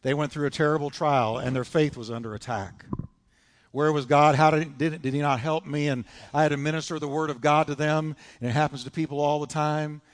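A man's voice: a little high, fairly even intonation, a little fast. A man preaching a sermon in a church, dramatic and emphatic, retelling scripture stories. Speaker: pastor. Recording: long church hall reverb.

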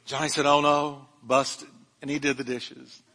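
Guy pastor preaching hard, bright voice, big reverb like a church, cracks a few jokes. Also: medium pitch, level tone, moderate pace, husky. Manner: fervent preaching with humorous asides. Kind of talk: sermon. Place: church sanctuary.

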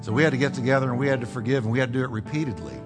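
A middle-aged man preaching as a pastor, with sweeping swings in pitch and emphatic build-ups. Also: very fast, over music. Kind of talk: sermon. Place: church sanctuary.

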